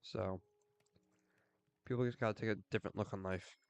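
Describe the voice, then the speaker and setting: A man's voice: lowish voice, fairly even intonation, normal speed, gravelly, no echo. A young man streaming a game and talking in an earnest, rambling way, full of fillers. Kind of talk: casual rambling chat while gaming.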